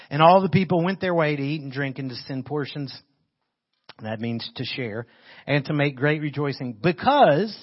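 A pastor preaches in a relaxed, chatty way to his congregation. His fairly high voice rises and grows loud each time he reads scripture aloud. The recording from the church sounds dull and lo-fi. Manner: lively, conversational preaching with sudden loud Bible readings. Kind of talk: sermon.

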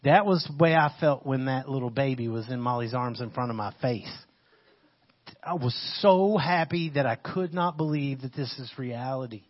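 A man giving a casual, animated sermon, retelling a scripture passage in everyday slang. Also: mid-range voice, moderate pace. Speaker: preacher. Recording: muffled lo-fi audio.

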